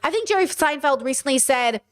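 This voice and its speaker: A woman's voice: high voice, lively intonation, brisk. A woman hosting a casual reaction podcast, blunt and profane, wandering into rambling asides. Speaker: podcast host reacting to news clips. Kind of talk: casual commentary.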